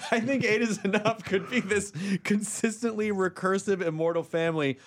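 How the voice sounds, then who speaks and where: A man's voice: high voice, steady tone, moderate pace. A man riffing playfully in comedic podcast banter, improvising bits.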